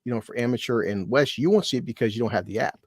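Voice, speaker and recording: Fast-talking man, rambling and swearing. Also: medium pitch, a little mellow, breathy edge, no room sound, studio quality. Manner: rambling, restarts, swears casually. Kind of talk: casual chat.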